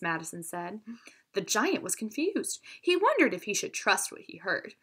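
Expressive woman reading a children's story. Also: mid-range voice, slightly rough. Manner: expressive, pausing to explain words. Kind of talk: storybook read-aloud for children.

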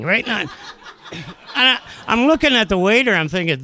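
Telling a funny story about himself, a man speaks in a bright voice that sits high for a man and swings up and down. He's brisk, animated and self-mocking, stuffing his lines with asides and fillers.

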